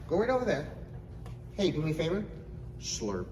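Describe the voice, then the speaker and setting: A man hosting as a stage hypnotist, with a playful, coaxing delivery that jumps into excited exclamations. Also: on the high side, moderate pace, noisy background. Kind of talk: playful live hypnosis demo. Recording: roomy echo.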